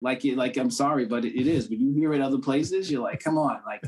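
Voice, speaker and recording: Casting: male podcast guest from the Boston area, mid-pitched, relaxed and conversational, heavy on casual fillers. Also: quick pace. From Cambridge, Massachusetts. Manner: loose, street-casual talk full of "you know what I'm saying". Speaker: guest, actor.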